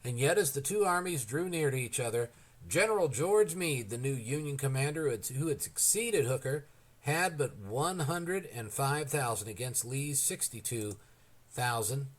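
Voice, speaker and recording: A man reading a historical novel aloud as an audiobook narrator, in a measured, deliberate way. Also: mid-range voice, lively intonation, low-quality recording.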